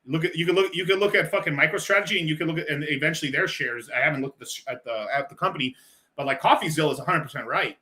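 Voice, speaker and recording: A man's voice: on the high side, rapid-fire, bright, forceful tone. A man hosting a stream, reacting to a clip in loose, rambling commentary, laughing often and swearing a lot. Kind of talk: casual profane reaction commentary.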